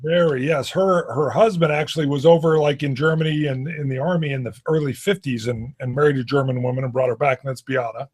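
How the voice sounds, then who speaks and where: A man co-hosting a casual live-stream whisky chat, joking and telling animated stories. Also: mid-range voice, brisk, hardly any pauses, slightly rough. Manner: animated, jokey storyteller. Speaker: whisky show co-host.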